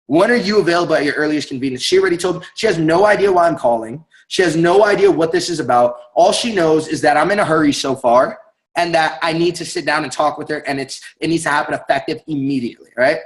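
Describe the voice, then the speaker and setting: A young man giving an energetic motivational sales talk, emphatic and fond of tagging lines with "right?". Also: on the high side, fast talker, poor audio. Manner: energetic, emphatic, repeats words and asks "right?". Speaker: network marketing speaker.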